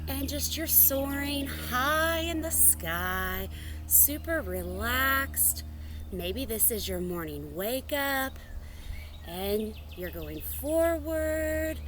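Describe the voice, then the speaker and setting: A woman's voice: sits high, expressive, fairly bright tone, faint music behind. Sing-song woman leading a kids' workout. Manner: slow, sing-song and encouraging, like talking to young kids. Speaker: children's activity instructor. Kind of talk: guiding a children's movement workout.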